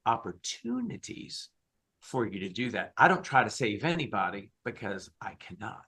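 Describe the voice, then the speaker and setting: A man's voice: on the low side, very animated, normal speed, bright, forceful tone, breathy edge. A man who is a guest in an interview, talking in a fired-up, emphatic way about his faith over a video call. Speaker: guest, Christian rock singer. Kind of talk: passionate interview talk.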